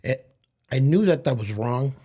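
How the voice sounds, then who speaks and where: Middle-aged guy, kinda husky, telling his story on a podcast, "i says, he says". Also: medium pitch, expressive, warm tone. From Lawrence, Massachusetts. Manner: tells stories in quick bits of quoted back-and-forth, "I says". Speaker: podcast guest. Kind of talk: storytelling in casual conversation.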